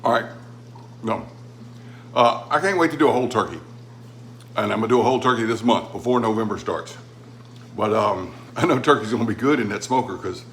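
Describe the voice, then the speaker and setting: A man's voice: fairly low pitch, a bit bright, a little hiss or hum. Folksy rambling middle-aged man. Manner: folksy, rambling, many fillers. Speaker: home cooking channel host. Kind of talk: casual cooking vlog. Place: home patio and kitchen.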